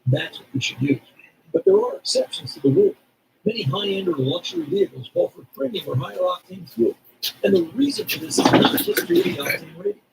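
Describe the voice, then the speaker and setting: Gravelly man hosting a car advice spot. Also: sits high, wildly swooping pitch, fairly quick, noisy background. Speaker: car advice radio host. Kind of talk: scripted radio segment.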